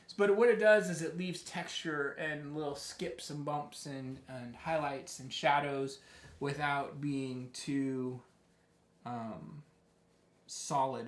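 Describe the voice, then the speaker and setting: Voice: medium pitch, slight background noise. A painting instructor teaching a live tutorial in a chatty, encouraging way, often restarting sentences. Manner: chatty, self-correcting, encouraging. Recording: roomy, echoey room.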